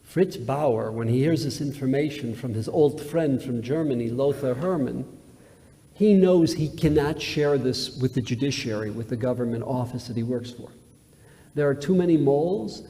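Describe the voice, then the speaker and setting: A man's voice: medium pitch, normal speed, mellow. A male rabbi giving a sermon-style lecture in a synagogue, telling a story emphatically with repetitions and sudden swings in volume. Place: large synagogue sanctuary. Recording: reverberant hall, live webcast.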